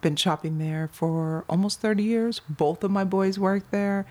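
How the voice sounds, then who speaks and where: A woman's voice: mid-range voice, a little slow, dark tone. A woman in her fifties, a guest author, talking casually and chattily in a podcast interview. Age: 50s.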